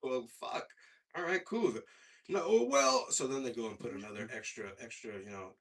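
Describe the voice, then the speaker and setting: A man performing a stand-up comedy set on a club stage, with a profane, halting delivery full of fillers. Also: mid-range voice, huge pitch swings, gravelly, a bit bright. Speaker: stand-up comic. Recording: stage mic heard from afar.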